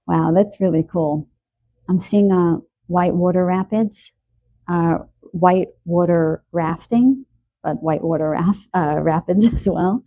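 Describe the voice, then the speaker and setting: A woman giving an intuitive love card reading, musing aloud with soft laughs and a slightly stuffy nose. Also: lowish voice, a little slow, no room sound. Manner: musing, stream-of-consciousness, frequent soft laughs. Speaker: tarot card reader.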